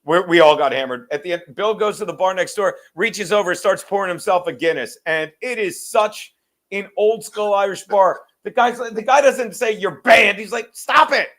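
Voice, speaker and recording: A man hosting a casual podcast, his voice sitting high for a man. He rambles and curses freely and laughs often, losing his thread as he goes. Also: normal speed, a bit bright. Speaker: podcast host. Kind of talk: casual chat.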